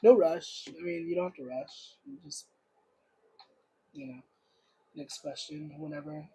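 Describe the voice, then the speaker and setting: A man's voice: a little high, lively intonation, unhurried, creaky, mellow, slight background noise, rough recording. A young man giving a casual livestream tarot reading, rambling and searching for words with lots of fillers. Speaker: tarot reader.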